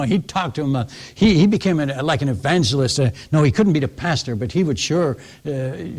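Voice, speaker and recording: A man preaching as a missionary, telling stories in an animated way, acting out the people he quotes and chuckling at his own tales. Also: medium pitch. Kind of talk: storytelling sermon.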